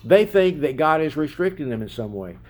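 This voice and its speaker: A man's voice: a little high, sing-song, brisk, darkish tone. A man preaching a sermon in an emphatic way, asking his listeners direct questions.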